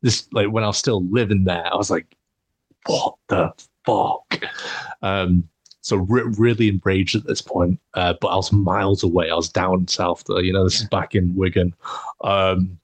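A man's voice: low-pitched, fairly even intonation, normal speed, no echo. A young man, hosting a podcast and telling a rambling, sweary story with laughs. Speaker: podcast host. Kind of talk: casual storytelling chat.

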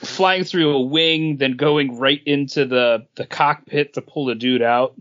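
A man's voice: mid-range voice, steady tone, unhurried, fairly bright tone, dull audio. A man co-hosting a casual comics podcast, chatting in an easygoing, agreeable way. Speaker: podcast co-host.

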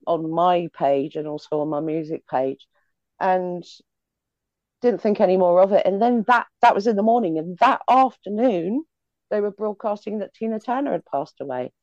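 Woman, singer guest on a podcast, low mellow voice, slightly dull recording, hesitant and chatty. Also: no room sound. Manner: chatty, hesitant, lots of ums, laughs at herself. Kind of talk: casual interview chat.

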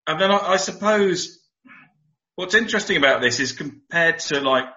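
A man with a bright, forceful voice asks curious follow-up questions in a casual podcast chat. His voice has a dull, lo-fi sound and an echoey room around it. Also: a little high, expressive, moderate pace. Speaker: podcast co-host.

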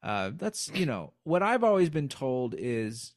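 A man's voice: medium pitch, sing-song, a little slow. A man hosting a podcast in casual chat, joking around with playful asides. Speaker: podcast host and producer.

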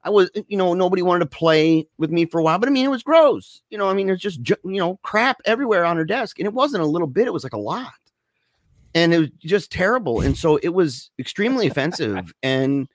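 Animated, self-mocking man telling a story. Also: sits high, fast talker, dry recording, studio quality. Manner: rambling, animated, self-mocking, lots of fillers. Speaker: guest storyteller. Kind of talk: casual storytelling chat.

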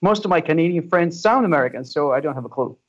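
A Greek-born man speaks English as a second language, friendly and quick to laugh. His voice sits a little high for a man. The sound is dull and lo-fi, like audio from a remote call. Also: lively intonation. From Greece. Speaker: musician guest. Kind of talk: casual interview chat.

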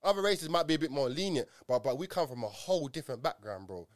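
A young man in casual chat, telling stories in an animated way and full of slang. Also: on the high side, quick pace, dry recording, clean studio sound.

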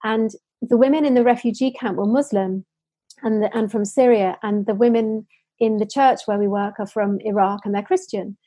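A woman's voice: medium pitch, steady tone, moderate pace, warm tone, no room sound. A woman from the United Kingdom, a social enterprise founder, answering interview questions in earnest stories full of restarts and fillers.

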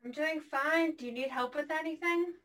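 A woman playing in a tabletop game, describing her character and speaking for her calmly and plainly, with fillers. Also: high-pitched, moderate pace. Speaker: player. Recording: voice a little distant from the mic.

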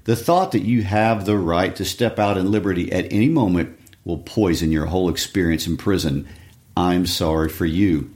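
A man with a deep voice reading the part of a spoiled, mocking wealthy banker in a condescending tone. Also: moderate pace, darkish tone, close to an everyday voice. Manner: scornful, condescending.

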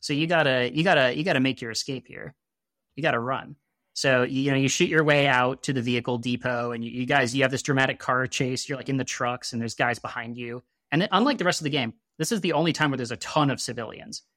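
A man's voice: mid-range voice, fast talker, fairly bright tone, no room sound, clean studio sound. A man in casual chat, telling a long story in a rambling way, full of fillers and restarts, and laughing at his own jokes. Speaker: podcast guest.

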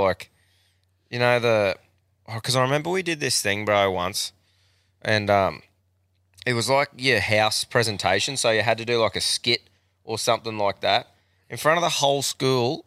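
A man with an Australian accent hosts a podcast, trading crude banter and laughing often. His voice is low and gravelly with a bright edge, recorded dry and close. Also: expressive, moderate pace, no room sound. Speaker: podcast host. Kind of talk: casual chat.

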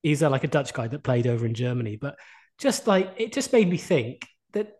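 A man's voice: medium pitch, big pitch swings, fairly quick, a little mellow. A young man from the UK co-hosting a podcast, telling a rambling, self-deprecating story and laughing often. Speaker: podcast co-host. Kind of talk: casual chat.

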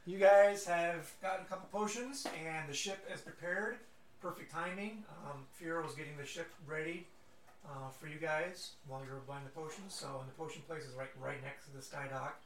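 A man's voice: a little high, brisk. A man narrating as game master of a tabletop game, rambling with fillers and restarts. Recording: echoey room from far off with faint noise.

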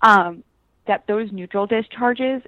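A woman's voice: mid-range voice, takes it slowly, no echo, narrow, tinny audio. A woman co-hosting a casual podcast, chatting and adding her own recollections. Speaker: podcast co-host. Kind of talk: casual chat.

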